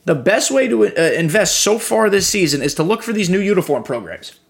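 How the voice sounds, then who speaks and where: Casual profane man, slightly high voice. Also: big pitch swings, brisk, creaky. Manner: loose and profane, with frequent fillers. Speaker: podcast host. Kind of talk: casual gaming commentary.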